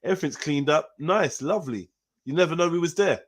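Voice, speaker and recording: A man hosting a casual live panel chat, animated and joking, laughing often and swearing freely. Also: a little high, fairly quick. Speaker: host.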